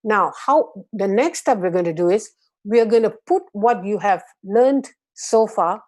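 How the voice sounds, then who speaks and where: A woman from Malaysia guiding a group through a gentle voice and breathing exercise, patient and encouraging. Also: mid-range voice, lively intonation, unhurried. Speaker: voice and meditation instructor. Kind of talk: guided voice exercise class.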